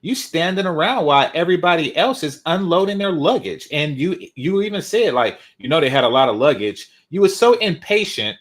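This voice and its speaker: A man's voice: a little high, lively intonation, brisk, hardly any pauses. A man reacting to a video, mocking and emphatic, repeating his points for effect. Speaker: reaction commentator.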